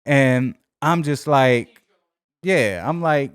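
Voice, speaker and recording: A young adult man casually telling a story on a podcast, animated and profane, acting out both sides of each conversation. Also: mid-range voice, slow, smooth. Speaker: podcast co-host.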